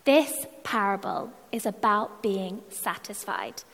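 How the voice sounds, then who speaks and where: Slow posh English woman preaching. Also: mid-range voice, expressive, fairly bright tone. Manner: measured, conversational preaching. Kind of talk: sermon. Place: church. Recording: long reverb of a church hall.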